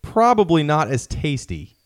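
Lively joking man telling stories. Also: a little high, unhurried. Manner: joking storyteller, lively delivery. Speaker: podcast co-host. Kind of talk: casual comedic podcast banter.

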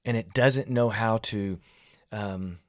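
Speaking slowly in a lowish voice, this man is a pastor reflecting on parenting in a solo podcast. He's frank and pokes fun at himself, restarting sentences often as he chats. The recording is dry with clean studio sound.

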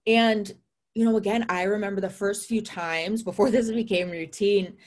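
A woman's voice: medium pitch, steady tone, moderate pace, a little mellow. A young woman in casual chat, talking openly and reflectively and laughing often.

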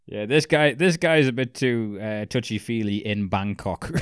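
Guy cracking up while retelling stuff, mid-pitch voice, dry close sound. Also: measured pace, clear, resonant tone, dry recording. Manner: animated storytelling with quoted voices, swearing, laughing often. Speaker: podcast co-host. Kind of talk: casual chat.

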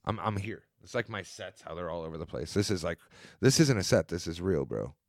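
A man's voice: low voice, expressive, a little fast, darkish tone, dry recording, clean studio sound. A man from the US, a podcast co-host, telling a long personal story in a rambling, tangent-jumping way with some swearing. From US, grew up in Buffalo. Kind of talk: casual storytelling chat. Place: room at a comedy venue.

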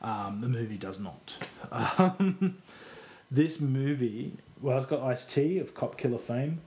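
Speaking slowly with lively intonation, a man on a podcast rambles about a movie he enjoys, making self-deprecating jokes and swearing casually. His voice is mid-range and a little mellow.

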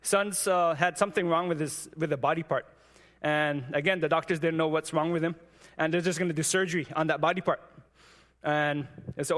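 Halting, earnest preacher in reverberant hall. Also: male voice, fairly high pitch, steady tone, a bit bright. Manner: halting, frequent restarts and repeated words; earnest and exhortative. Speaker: preacher sharing testimony. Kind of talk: sermon with personal testimony.

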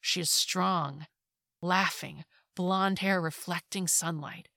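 A woman reading a second-person short story aloud in a hushed, intimate way that often drops to a whisper. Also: fairly low pitch, fairly even intonation, takes it slowly, gravelly, dry recording, clean studio sound. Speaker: story narrator.

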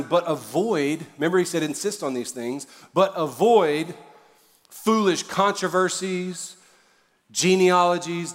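Joking pastor preaching in a reverberant hall. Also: male voice, on the high side. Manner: joking, conversational preaching with sudden loud emphasis. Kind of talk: sermon. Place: church auditorium.

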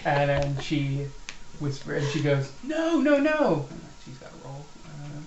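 A man's voice: mid-range voice, monotone, normal speed, lo-fi sound. A man running a tabletop game as game master, narrating casually and voicing monsters in short quotes. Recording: echoey room with faint noise.

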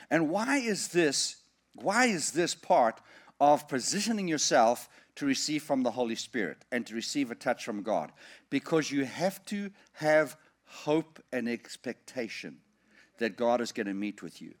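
A middle-aged man preaching a sermon, reading scripture slowly and emphatically, then rising and falling in loudness as he drives his points home. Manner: animated preaching with lively swings in pitch and volume.

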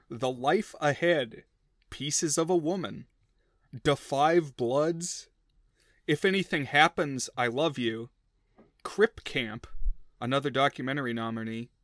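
A man co-hosting a casual film podcast, chatty and joking, with quick asides. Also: on the high side, a bit bright, dry recording, studio quality. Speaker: podcast co-host.

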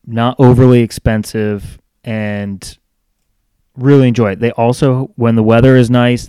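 A man's voice: mid-range voice, darkish tone, clear, resonant tone, no echo. A man hosting a casual solo podcast, rambling and upbeat, with lots of fillers and restarts. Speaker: podcast host.

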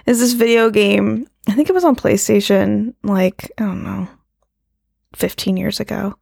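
A woman's voice: medium pitch, unhurried, gravelly, a little mellow, breathy edge, no room sound, studio quality. A woman co-hosting a podcast in casual chat, trailing off and restarting her thoughts and laughing often. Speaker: podcast co-host.

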